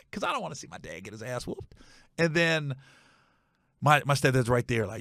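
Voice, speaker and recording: Animated man telling a story, bright voice. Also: normal speed, no room sound, clean studio sound. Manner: animated, acts out voices with high shouts, laughs at own story. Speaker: podcast host telling a story. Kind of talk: casual storytelling.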